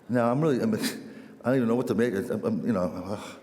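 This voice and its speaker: A man who is a missionary priest, telling a self-deprecating story to a parish with many halting restarts. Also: fairly low pitch, dark tone. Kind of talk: storytelling church talk. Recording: echoey church hall.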